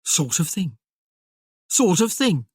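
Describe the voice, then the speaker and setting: A woman's voice: on the low side, very animated, takes it slowly, slightly rough, no echo, clean studio sound, exaggerated voice. A woman playing a heartbroken, fiery jilted man. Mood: incredulous. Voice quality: trembling, theatrical outbursts.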